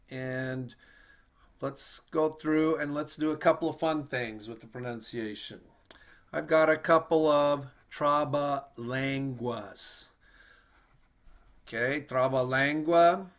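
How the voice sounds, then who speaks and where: A man teaching an online language lesson in a relaxed, patient way, slowly sounding out words and repeating them for learners. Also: on the high side. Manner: patient, slow demonstration of words, easygoing asides. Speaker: Spanish teacher.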